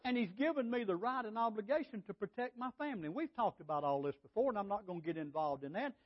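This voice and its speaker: A man's voice: sits high, expressive, fast. A man preaching a sermon, folksy and conversational, often repeating his words. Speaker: pastor. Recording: dull lo-fi sound.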